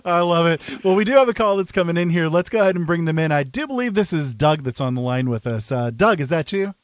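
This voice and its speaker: A man's voice: a little high, expressive, fast talker, no echo. A man hosting a radio talk show, upbeat and laughing often as he takes callers.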